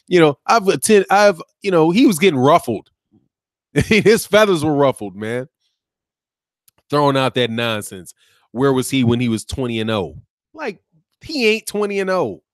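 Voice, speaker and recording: Boxing live-stream host, Midwest American man, pitched a touch high, dry sound, loose and mocking, laughs a lot. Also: unhurried, pauses often, dry recording. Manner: animated, laughing, mocking, drops slang like "man" and "dog". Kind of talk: live-stream commentary reading chat.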